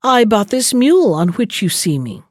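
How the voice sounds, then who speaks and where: A man's voice: sits high, big pitch swings, moderate pace, no echo, studio quality. A woman voicing a shrewd, stubborn old peasant man in a storybook reading, speaking plainly and indignantly.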